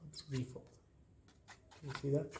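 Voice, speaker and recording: A man hosting a craft tutorial, talking casually and repeating himself as he folds paper. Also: moderate pace. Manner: relaxed, repetitive, talking while folding paper. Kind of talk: hands-on craft demonstration. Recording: roomy echo, faint noise.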